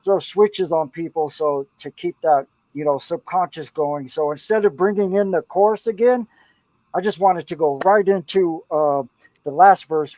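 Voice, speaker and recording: A man's voice: fairly high pitch, darkish tone, no room sound, low-quality recording. Enthusiastic middle-aged man, dry and close. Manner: enthusiastic, rambling, preachy asides. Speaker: podcast host and producer. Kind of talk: casual podcast chat about song lyrics.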